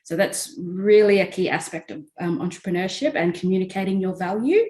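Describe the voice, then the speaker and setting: A woman from South Australia, a guest on a podcast, speaking in a measured, reflective way with hesitant fillers. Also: fairly low pitch, darkish tone. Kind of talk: conversational podcast discussion. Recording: roomy echoing audio.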